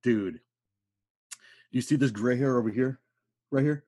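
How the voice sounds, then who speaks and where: A man in his thirties hosts a podcast, his voice medium-pitched, dark in tone and unhurried, recorded without echo. He tells casual stories in a relaxed way, peppered with swearing and "dude."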